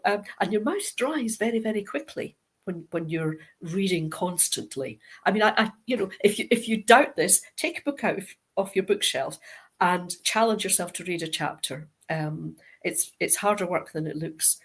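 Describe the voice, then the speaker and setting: Husky low-voiced Scottish woman. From Scotland. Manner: lively storytelling, acting out quoted dialogue. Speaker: guest author. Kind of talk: interview anecdote.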